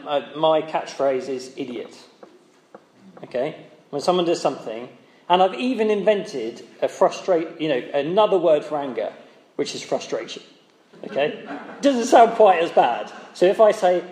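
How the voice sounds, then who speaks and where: A man's voice: fairly high pitch, a little mellow, roomy sound. A man preaching a sermon in a conversational way, often asking the listeners rhetorical tag questions.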